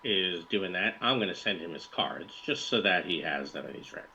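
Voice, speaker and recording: A man narrating as game master in an online tabletop game, relaxed and filling pauses with ums and uhs. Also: low-pitched, gravelly, dull audio, a little hiss or hum.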